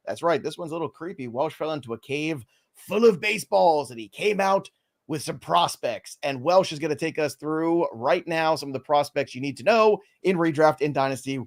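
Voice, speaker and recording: A man's voice: on the high side, moderate pace. Joking man hosting a sports chat. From New Jersey. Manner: joking, lively banter. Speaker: podcast host. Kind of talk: casual fantasy baseball chat.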